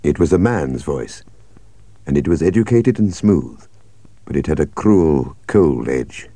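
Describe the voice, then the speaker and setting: A man reads a story aloud in a measured, expressive way. His voice is very deep and mellow, and his pitch moves a lot. The recording is dry and close. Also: no room sound. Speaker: audiobook narrator. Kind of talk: scripted story narration.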